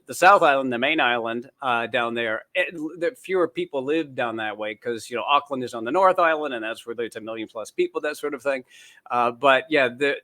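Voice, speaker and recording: A man, a guest author chatting casually in an interview and telling animated, rambling stories. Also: mid-range voice. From born in Canada, raised in the United States. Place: home in New Zealand.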